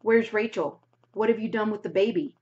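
A woman's voice: medium pitch, moderate pace, darkish tone, lightly acted. A woman reading aloud voices an anxious, determined teenage farm girl who asks urgent, pleading questions. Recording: dull lo-fi recording.

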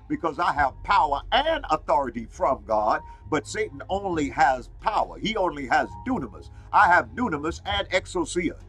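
Fired-up husky preacher man. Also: on the high side, a bit bright, low-quality recording. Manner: exclaims "Glory to God" and "Hallelujah" often; fired up, repeats phrases for emphasis. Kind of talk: fiery Pentecostal sermon.

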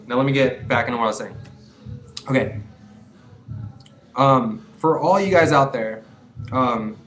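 A man's voice: mid-range voice, rough recording. A man in his twenties talking casually to the camera, giving earnest advice with many restarts and fillers. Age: 20s. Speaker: vlogger giving quitting advice.

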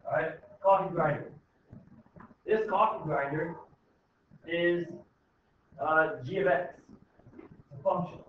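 A man teaches a high school math lesson in a loose, informal way, checking in with the class constantly. His voice sits a little high. The sound is tinny and distant, caught from across an echoey classroom. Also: takes it slowly, pauses often, slight background noise. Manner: informal, repeats "okay?" to check understanding. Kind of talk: classroom lecture. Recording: echoey room, tinny far-off mic.

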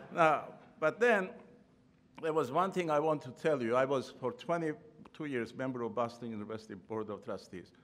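An older man with a non-native English accent gives a eulogy at a memorial. He tells humorous personal anecdotes and chuckles, with slightly non-native grammar, speaking at a podium microphone. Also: medium pitch. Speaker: memorial speaker, former professor and trustee. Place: large ballroom at a podium.

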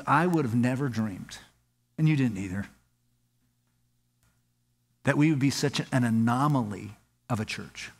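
A man from Southern California preaching a sermon as pastor, telling his story with lively acted-out quotes. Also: slightly rough, big-room sound. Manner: animated storytelling, acts out quoted dialogue with rising pitch. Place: church sanctuary.

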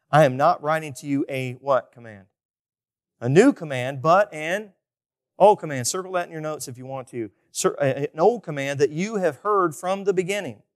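A male pastor preaching a conversational sermon, often asking the congregation questions and swinging between loud emphasis and quiet asides. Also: medium pitch.

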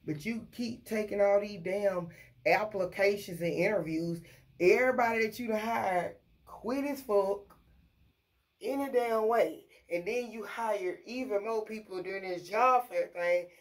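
A woman, ranting casually and bluntly about her fast-food job, full of profanity. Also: mid-range voice. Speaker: vlogger. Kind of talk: casual rant to camera.

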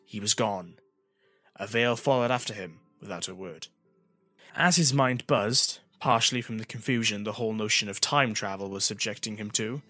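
A man narrating a fantasy audiobook in an expressive storytelling manner. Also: mid-range voice, dry recording.

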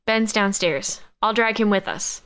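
Audiobook: take-charge young woman friend, read by a woman, mid-pitched. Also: measured pace, fairly bright tone. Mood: brisk. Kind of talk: audiobook character reading.

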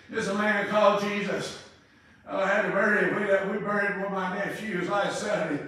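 An older man preaches a revival-style funeral sermon, halting and full of filler sounds, then breaking into loud praise. His voice is high and bright. He is recorded from a distance in a strongly echoing funeral chapel. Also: fairly even intonation. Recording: echoey room, distant mic.

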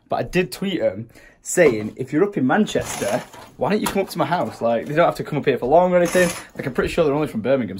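A man's voice: medium pitch, slight background noise. A tired man from England, vlogging in rambling, self-mocking casual chat.

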